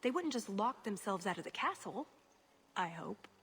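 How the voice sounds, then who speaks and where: A woman voicing a wry, sharp-tongued female rogue with a dry, sardonic delivery. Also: mid-range voice, very animated, moderate pace, breathy edge, full character voice.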